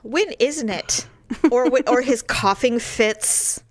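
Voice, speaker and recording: A middle-aged woman co-hosting a podcast, chatting casually and acting out quoted voices in an animated way. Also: on the high side, slow pace, no room sound. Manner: animated storyteller, acts out quoted voices with big jumps. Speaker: podcast co-host. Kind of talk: casual chat.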